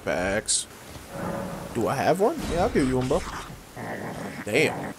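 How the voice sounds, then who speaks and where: A young man giving casual, excitable, slangy commentary while playing a game, talking straight to the enemies he fights. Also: mid-range voice, slow, noisy background. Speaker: gaming video creator. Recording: voice over game music.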